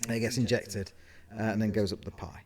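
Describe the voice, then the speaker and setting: A man's voice: lowish voice, level tone, brisk, a crowd in the background. A man co-hosting a casual podcast as a caterer, explaining things in detail with asides and self-corrections. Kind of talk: casual chat.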